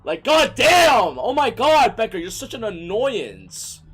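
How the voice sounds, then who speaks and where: Give me a young male game streamer with a slightly high voice and wildly bouncing pitch. He chats casually, swears freely, and erupts into shouted tirades. Soft music plays behind him. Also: a little slow, husky. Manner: excitable, profane, breaks into shouted rants. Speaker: gaming streamer. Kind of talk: let's play commentary.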